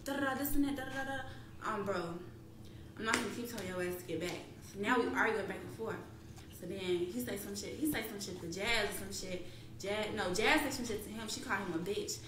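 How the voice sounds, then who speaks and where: A young woman rattles through a heated story at a rapid clip, blunt and profane, and slips into quoted voices as she goes. Her voice sits mid-range and bounces around a roomy space, with a faint hiss beneath it. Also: mid-range voice. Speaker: streamer speaking on a live stream.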